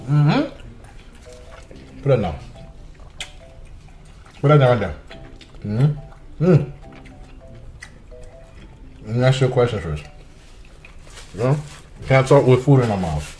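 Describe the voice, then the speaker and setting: A man's voice: medium pitch, sing-song, takes it slowly, long pauses, faint music behind. A young man hosting a casual mukbang vlog, teasing his kid playfully while he eats. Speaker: family vlogger and dad.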